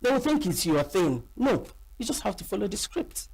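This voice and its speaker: A middle-aged Nigerian woman, an actress, chatting in an interview and telling animated stories with acted-out quotes. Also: mid-range voice, moderate pace, husky. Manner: animated storyteller acting out quoted voices. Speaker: actress and guest. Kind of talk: casual interview chat.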